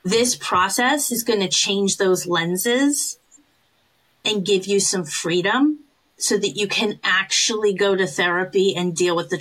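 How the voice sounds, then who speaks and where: A woman co-hosting a casual podcast, earnest and encouraging as she coaches a friend. She swears freely and laughs easily, and her pitch sits in the middle range. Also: a bit bright, rough recording. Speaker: podcast co-host, recovery sponsor.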